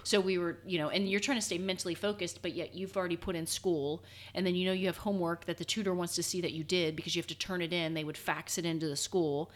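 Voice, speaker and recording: Animated woman telling stories, lowish voice. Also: fast talker. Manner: animated, acts out quoted voices. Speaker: guest, former national team soccer player. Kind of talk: casual storytelling in an interview.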